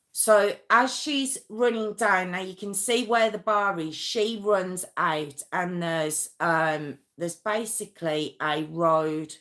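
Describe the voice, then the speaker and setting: Low-voiced woman retelling a true crime. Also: a bit bright. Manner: emotional, halting, many restarts and pauses. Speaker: true crime channel host.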